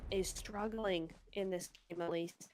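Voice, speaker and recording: A woman casting a mobile shooter tournament live, chatty and quick to exclaim at the action. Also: on the low side, background noise. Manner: excitable, chatty, exclaims often. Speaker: esports caster. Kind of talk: live play-by-play commentary.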